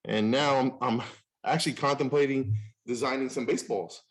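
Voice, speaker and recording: Male host, fifties, chatty storyteller who jumps into high excited voices when quoting people; mid-pitched. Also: moderate pace. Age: 50s. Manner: animated, acts out quoted voices with big pitch jumps. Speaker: podcast host. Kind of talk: casual storytelling chat.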